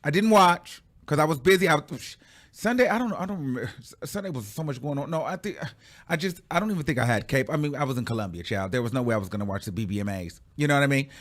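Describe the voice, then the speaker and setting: Here a man with a mid-range voice talks at a quick pace on his casual pop-culture commentary show. His delivery is animated and sassy, full of drawn-out words and frequent laughter.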